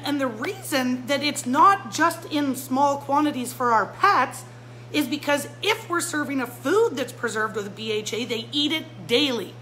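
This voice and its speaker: A woman's voice: high-pitched, expressive, unhurried, fairly bright tone, a little hiss or hum, rough recording. A woman who runs a pet store, giving a fired-up live-stream talk straight to her viewers. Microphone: phone or camera mic.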